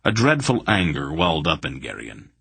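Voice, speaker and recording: A man narrating a fantasy audiobook in a measured, deliberate reading. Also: a bass voice, wildly swooping pitch, vocal fry, fairly bright tone, breathy edge, dry recording. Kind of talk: scripted narration.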